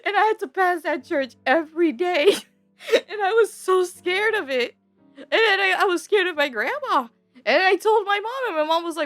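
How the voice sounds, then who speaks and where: A woman's voice: very high-pitched, normal speed, dry recording. Laughing young woman telling a story. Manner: laughs often while telling a story, animated retelling. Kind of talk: casual storytelling chat. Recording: dry close mic, faint background music.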